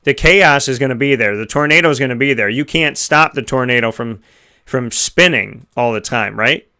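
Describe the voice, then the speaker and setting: With a medium pitch, moderate pace and sharp tone, an American man hosts a talk show segment on the radio. His motivational talk is earnest and reflective, full of rhetorical questions.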